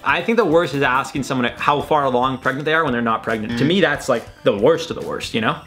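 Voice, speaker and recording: A man's voice: mid-range voice, fast, fairly bright tone, faint music behind. A young man hosting a casual reaction video, rambling and swearing through his commentary. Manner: chatty, swearing, rambling with lots of likes. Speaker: host.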